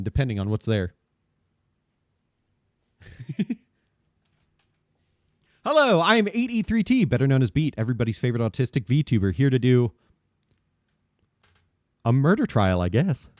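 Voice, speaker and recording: A man's voice: mid-range voice, big pitch swings, normal speed, pauses often, dry recording. Upbeat, giggly male streamer. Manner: giggly, upbeat, chatty with viewers. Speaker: VTuber streamer. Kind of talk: casual live-stream chat.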